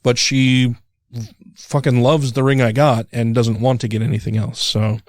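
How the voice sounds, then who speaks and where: A man in his thirties co-hosting a podcast, telling a story in a rambling, self-deprecating way with many fillers, jumping up in pitch when he acts out his own panic. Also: little pitch movement, moderate pace, no echo, clean studio sound. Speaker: podcast co-host. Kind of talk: casual chat.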